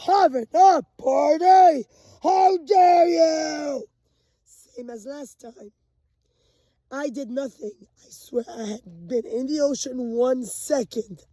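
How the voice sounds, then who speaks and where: High-voiced woman on an agitated rant. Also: no echo. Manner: agitated and profane, lurching between shouting and low muttering. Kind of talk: ranting monologue.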